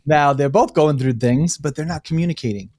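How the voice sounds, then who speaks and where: A man, a guest on a talk show, telling stories in an animated way, acting out quotes and laughing easily. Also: fairly high pitch, fairly quick, no echo, studio quality. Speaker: breathwork facilitator, guest. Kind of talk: casual storytelling interview.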